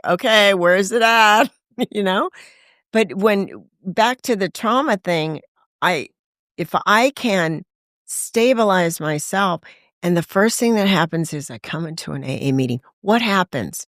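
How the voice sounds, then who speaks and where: A woman with a low-sitting, animated voice tells her recovery story as a podcast guest in candid conversation. She acts out quoted voices and laughs often, speaking at a measured pace. The studio-quality recording has no echo.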